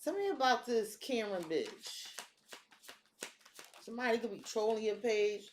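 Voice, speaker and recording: A woman's voice: on the high side, lively intonation, normal speed, slight background noise. A woman doing a casual tarot reading, talking bluntly and cursing freely. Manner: blunt, profane, streetwise talk. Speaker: tarot reader. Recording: echoey room.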